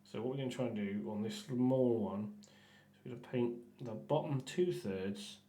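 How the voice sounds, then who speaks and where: A man chatting casually while painting miniatures on a stream, rambling with stumbling restarts and often trailing off quietly. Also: mid-range voice, moderate pace, echoey room. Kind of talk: casual painting livestream chat.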